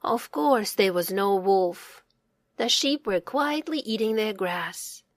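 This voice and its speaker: A woman narrating a children's storybook in a slow, expressive read-aloud manner. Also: medium pitch, no echo, clean studio sound.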